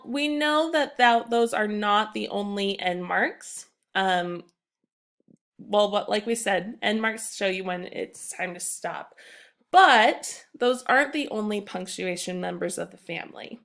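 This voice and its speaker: A young woman teacher records an upbeat, emphatic grammar lesson for her class, reading examples aloud. Her voice is mid-range and a bit bright.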